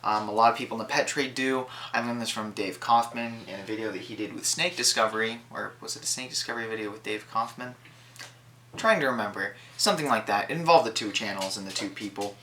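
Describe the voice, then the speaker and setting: Bright-voiced young chatty snake vlogger. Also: medium pitch, fast talker, a little hiss or hum. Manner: chatty, rambling, coos at the snakes. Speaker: reptile keeper vlogger. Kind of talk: casual chat to camera.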